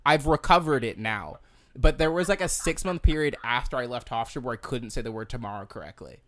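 Lively-voiced joking podcast co-host, man. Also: mid-range voice, fairly quick. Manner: jokey, laughs often, rambling asides. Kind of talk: casual chat.

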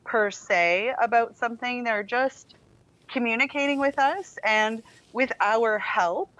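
A woman co-hosting a parenting chat, explaining calmly and step by step. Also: on the high side, slow, low-quality recording. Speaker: parenting podcast co-host. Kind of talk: casual chat.

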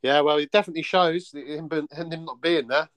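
A man's voice: a little high, steady tone, fairly quick, fairly bright tone. A man hosting a casual football chat, blunt and sweary. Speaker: football podcast host.

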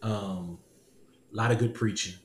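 A man's voice: lowish voice, steady tone, measured pace, a little hiss or hum. A man telling a personal story with animation, laughing often and repeating his lines. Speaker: podcast host. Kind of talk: casual testimony chat. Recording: echoey room with faint ambience.

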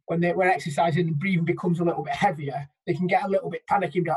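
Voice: mid-range voice, steady tone, very fast, darkish tone, slightly rough, low-quality recording. A person co-hosting a casual podcast, thinking aloud with hesitant restarts.

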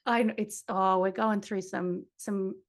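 A woman's voice: mid-range voice, fairly even intonation, unhurried. An Australian woman in her thirties co-hosting a casual podcast, telling stories about her toddler and acting out quoted asides. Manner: chatty, storytelling with quoted asides. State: pregnant. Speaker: podcast co-host. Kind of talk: casual chat.

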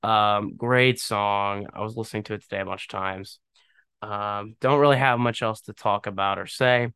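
A man's voice: fairly low pitch, steady tone, moderate pace, pushed and bright, smooth, dry recording. A man hosting a casual solo podcast, talking bluntly and ramblingly with a scoffing edge and many fillers. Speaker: podcast host.

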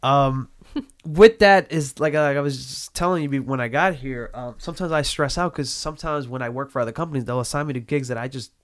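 A man's voice: mid-range voice, fast talker, few pauses, fairly bright tone, dry recording, studio quality. A man talking casually as an interview guest about his DJ work, laid-back, with many fillers and restarts. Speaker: mobile DJ guest.

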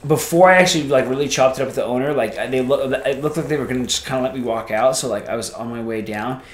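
A man telling a casual story as a podcast guest, rambling and animated, acting out the voices of people he quotes. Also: mid-range voice, fast, reverberant.

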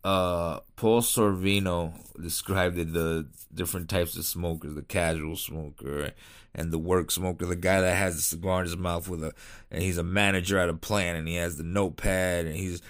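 A man with a very low, deep voice rambles casually about his cigar habits, circling back with fillers and restarts. He sounds tired and unhurried, like it is late at night. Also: little pitch movement. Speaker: cigar vlogger.

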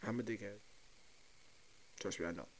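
A man's voice: lowish voice, normal speed. A young man hosting a solo podcast, ranting loosely and profanely and talking straight to his listeners as if sharing a secret. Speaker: podcast host. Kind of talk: casual solo podcast rant.

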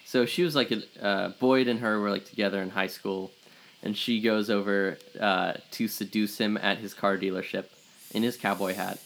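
A man's voice: lowish voice, steady tone, moderate pace, vocal fry, fairly bright tone, low-quality recording. A man co-hosting a casual movie review podcast, recapping the plot in a rambling way with lots of fillers. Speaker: podcast co-host.

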